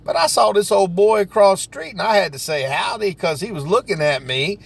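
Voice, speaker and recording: A man with a Southern US accent telling stories from his sales work in a folksy, animated way. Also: sits high, a little fast, gravelly, husky. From Southern United States. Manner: folksy, animated, dialect grammar like "ain't nobody". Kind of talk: casual storytelling vlog.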